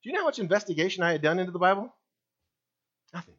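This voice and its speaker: A man preaching a sermon in a high, lively voice that swings widely as he presses his points. He fires rhetorical questions at his listeners. The recording sounds dull and lo-fi. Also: racing. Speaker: pastor.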